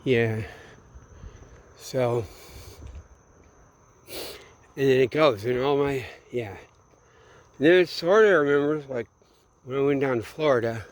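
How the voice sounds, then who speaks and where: A man from Minneapolis in a meandering, late-night solo monologue, swearing freely and often trailing off mid-thought. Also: medium pitch. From Minneapolis, USA. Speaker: vlogger.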